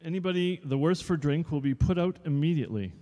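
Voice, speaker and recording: A man's voice: fairly high pitch, expressive, fast, warm tone, pitched above the performer's own voice, natural voice. A prim, strict dancing master barks out his rules in a raised, emphatic voice, as a man reads him aloud. The voice rings with a long reverb from a large room. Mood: stern. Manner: stern, commanding, barks rules. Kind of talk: reading a play aloud.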